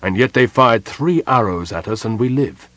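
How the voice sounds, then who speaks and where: A man voicing a proud, bitter male mage who speaks crisply and commandingly. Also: mid-range voice, expressive, normal speed, fairly bright tone, dry recording, close to an everyday voice. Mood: stern.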